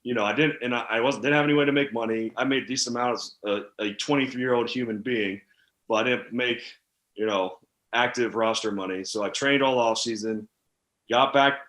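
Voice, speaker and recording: A man in his thirties, a former football player, telling candid stories from his career in a casual, animated interview. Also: medium pitch, a little fast, reverberant. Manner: animated, candid storytelling with fillers. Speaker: podcast guest, former NFL tight end.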